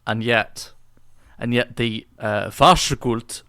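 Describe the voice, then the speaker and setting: A man co-hosting a podcast in casual chat, rambling and halting with many restarts. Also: mid-range voice, a bit bright, dry recording, clean studio sound. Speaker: podcast co-host.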